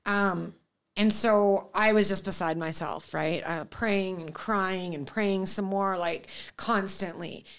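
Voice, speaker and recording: Animated gravelly-voiced woman storyteller. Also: medium pitch, slow. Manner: animated, acts out dialogue, laughs often. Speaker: podcast guest. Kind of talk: emotional storytelling.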